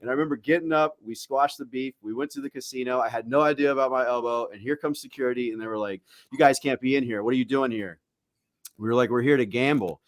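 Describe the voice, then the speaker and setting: A young man chatting on a casual podcast, spinning a crude, rowdy story. He keeps jumping into quick impressions of the people in it and swears freely. His voice sits at an ordinary middle pitch for a man. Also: no room sound, studio quality. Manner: profane, animated anecdote-telling with acted-out quotes. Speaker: podcast co-host.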